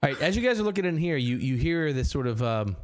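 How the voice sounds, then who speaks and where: A man narrating as game master for a tabletop game, his pitch rising and falling in lively swings. He hesitates often, filling gaps while he checks his notes. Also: fast talker, clean tone. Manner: hesitant, filler-heavy.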